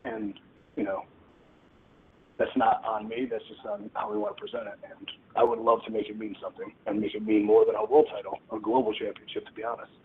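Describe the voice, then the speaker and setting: A man's voice: fairly low pitch, level tone, a little fast. A man, a pro wrestler, answering reporters' questions on a conference call in a candid, wry way, joking about himself over a telephone line. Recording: tinny phone line with faint noise.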